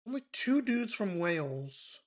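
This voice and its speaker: A man's voice: high-pitched, very animated, unhurried. A man streaming a mystery game, thinking aloud in loose, casual commentary with offhand swearing.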